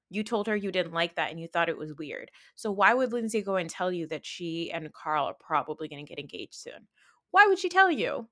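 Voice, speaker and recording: A woman hosting a podcast, recapping reality TV in a casual, indignant rant full of "like" and rhetorical questions. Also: medium pitch. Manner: indignant, animated ranting with frequent "like". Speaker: podcast host.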